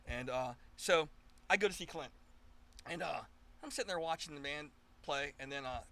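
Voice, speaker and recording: A man's voice: on the high side, normal speed, bright, forceful tone. A man in his fifties, a guest musician, telling stories in a casual chat, acting out quoted dialogue with frequent restarts.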